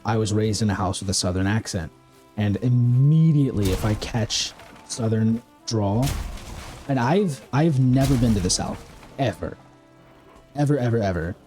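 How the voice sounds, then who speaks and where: A live streamer from the American Midwest, this man has a fairly low-pitched, dark-toned voice. He chats casually and rambles while playing a game and answering his chat.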